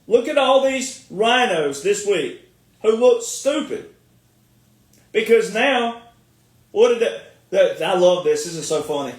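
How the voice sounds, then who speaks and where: A man's voice: sits high, expressive, slow pace. A man from the United States, a military veteran, giving a sarcastic, mocking commentary and often breaking into laughter. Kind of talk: ranting online commentary. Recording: echoey room, far from mic.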